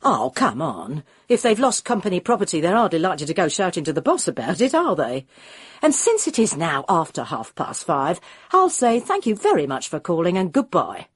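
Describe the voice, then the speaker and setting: A woman's voice: on the low side, huge pitch swings, moderate pace, slightly rough, dry recording, studio quality, exaggerated voice. A woman voicing an offhand, near-insolent young female office clerk in an audiobook.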